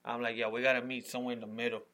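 A man's voice: mid-range voice, level tone, very fast, bright, forceful tone. A man, chatting casually and profanely as podcast co-host. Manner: laid-back, frequent backchannel agreement, profane. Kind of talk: casual chat.

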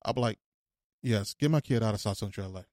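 A man's voice: on the low side, fast talker, a little mellow, no echo, clean studio sound. A man from Los Angeles hosting a podcast, talking casually but earnestly, turning preachy when he makes a point. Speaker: podcast host.

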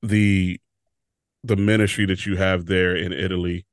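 A man with a very deep voice hosts a podcast interview, recorded dry with no room sound. He asks his questions haltingly, with plenty of fillers and restarts. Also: flat delivery, smooth, dry recording. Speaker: podcast host. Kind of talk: casual interview.

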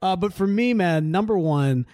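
A man with a fairly high voice, recorded dry and close. He co-hosts a podcast and chats easily, with many fillers and frequent laughter. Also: animated, moderate pace, darkish tone, no echo. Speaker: podcast co-host. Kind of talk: casual chat.

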